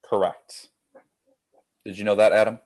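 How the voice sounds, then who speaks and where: A man hosting a casual online trivia game over a video call, upbeat and quick, laughing easily and reading questions out slowly and deliberately. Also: fairly low pitch, little pitch movement, a little mellow.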